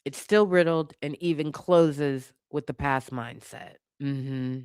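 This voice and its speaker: A woman hosting a live stream in casual chat, laughing often and breaking into loud exclamations. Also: low voice, slow, clear, resonant tone, no room sound, studio quality. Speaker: livestream host.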